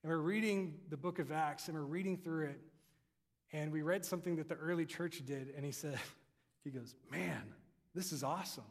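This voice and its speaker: A man's voice: fairly high pitch, normal speed. A young adult man preaching a sermon in a conversational, storytelling way. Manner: conversational, animated storytelling with laughs. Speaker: pastor. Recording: long reverb of a hall.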